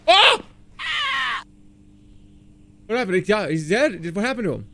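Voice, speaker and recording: A man commentating on games live, excitable and often breaking into laughter or shouting. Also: high-pitched, normal speed, long pauses, a little hiss or hum. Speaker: streamer. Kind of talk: live game-stream commentary.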